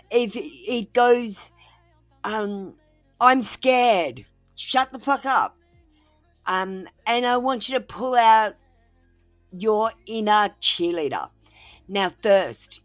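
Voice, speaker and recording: A woman's voice: medium pitch, lively intonation, slow, faint music behind. A woman giving frank, casual advice on a tarot livestream while feeling unwell, swearing freely and dropping in many fillers.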